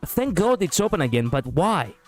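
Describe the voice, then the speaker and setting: A young man streaming a game, chatting casually and reading story text aloud, animated and laughing often with stumbles and restarts. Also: on the high side, moderate pace, soft background music.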